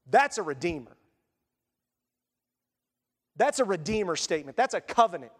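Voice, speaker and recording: Man pastor, high voice, chatty emphatic sermon, long hall reverb. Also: big pitch swings, normal speed, pauses often, husky. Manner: conversational, emphatic preaching.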